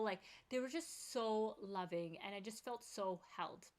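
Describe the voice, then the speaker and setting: A woman speaks to camera in a personal vlog, telling her story with earnest, heartfelt openness. Her voice sits at a mid pitch, and her talk is casual and full of "like". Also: steady tone, a little slow, hardly any pauses. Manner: earnest, open-hearted and chatty, with lots of "like". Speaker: vlogger.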